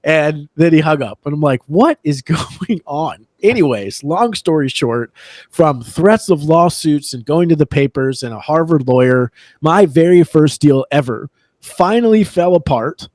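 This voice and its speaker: A man telling a story as a podcast guest, animated and laughing often. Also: on the high side, moderate pace, dry recording, studio quality. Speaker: real estate agent, podcast guest. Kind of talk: casual storytelling in a podcast chat.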